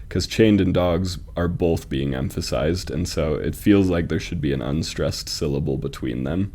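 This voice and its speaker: A man casually critiquing submitted poems, thinking aloud with fillers and restarts and reading verse lines slowly to test their stresses. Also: low-pitched, dark tone. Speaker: host reviewing fan poetry submissions.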